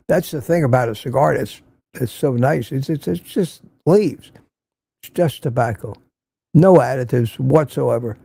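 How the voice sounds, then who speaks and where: A man's voice: medium pitch, gravelly, mellow, breathy edge, no echo. An older man hosting a casual livestream, reading viewer comments and giving blunt, opinionated remarks that he often repeats for emphasis. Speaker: livestream host.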